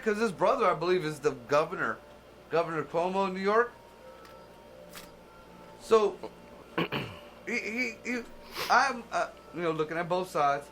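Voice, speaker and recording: A man hosting a show, ranting casually, swearing constantly, laughing and bursting into loud shouts. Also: a little high, animated, moderate pace, pauses often, slight background noise. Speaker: podcast host. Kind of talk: profane casual rant.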